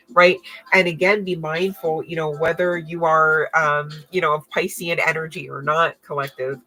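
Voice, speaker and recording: A woman's voice: low-pitched, sharp tone, low-quality recording. A woman giving a casual tarot reading, chatty and slangy, swearing freely and peppering her talk with fillers. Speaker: tarot reader.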